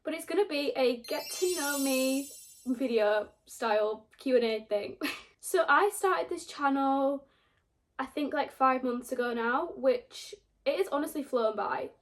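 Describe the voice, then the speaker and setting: A woman's voice: high voice, expressive, measured pace. A young woman book YouTuber chatting casually to camera, rambling a little and laughing between thoughts.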